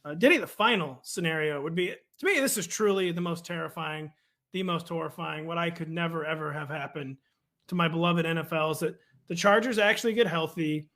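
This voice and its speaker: High-voiced joking male sports co-host. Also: a little fast, fairly bright tone. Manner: joking, rambling with fillers. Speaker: fantasy football analyst co-host. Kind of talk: casual comedic chat.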